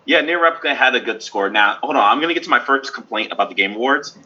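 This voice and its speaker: A man chats casually on a gaming podcast, ranting with lively asides. His voice is very bright and a bit husky. The audio is somewhat dull and lo-fi. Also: medium pitch. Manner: animated, ranting, quick asides. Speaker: podcast co-host. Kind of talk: casual chat.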